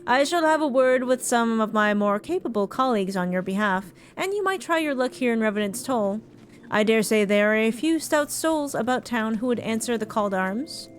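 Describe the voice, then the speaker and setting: A woman's voice: a little high, lively intonation, a little hiss or hum, lightly acted. Woman reading as a formal guild leader. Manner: measured formal reading with small slips. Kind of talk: reading game dialogue aloud.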